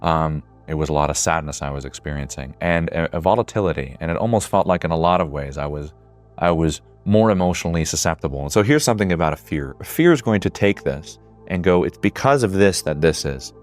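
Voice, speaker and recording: A man's voice: extremely low pitch, expressive, fast talker, soft background music. A man in his twenties giving an earnest, reflective monologue, swearing casually at times. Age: 20s. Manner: earnest, builds to emotional intensity. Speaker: speaker.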